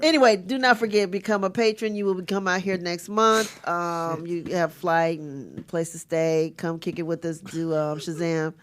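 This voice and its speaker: A woman's voice: on the low side, steady tone, normal speed, few pauses. A woman co-hosting a podcast, chatting casually with lots of laughter and cursing. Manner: giggly, loose and profane. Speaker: podcast co-host. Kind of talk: casual chat.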